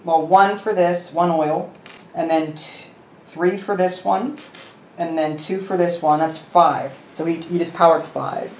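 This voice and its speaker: A man hosting a board game session, explaining the rules and counting pieces out loud as he plays. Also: on the high side, fairly even intonation, a little slow. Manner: thinks aloud, counting pieces and muttering rules. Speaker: host. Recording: roomy room with faint noise.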